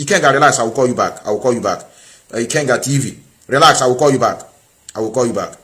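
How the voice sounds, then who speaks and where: Male call-in stream host, combative, hammers points by repeating them, mid-pitched. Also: quick pace, fairly bright tone. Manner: combative, repeats himself for emphasis. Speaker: live-stream host taking calls. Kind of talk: heated call-in talk.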